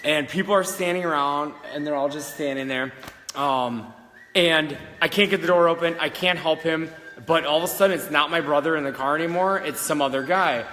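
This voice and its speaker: Indoors at an old schoolhouse in the country, a man who works as a psychic medium rambles through a story to camera, giggly and full of fillers and restarts. He speaks briskly in a high, sharp-toned voice, and the room sounds large.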